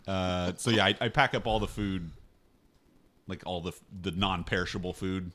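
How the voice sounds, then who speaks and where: A man playing a tabletop game, joking and animated as he describes his character's actions. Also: deep voice, normal speed. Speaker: player.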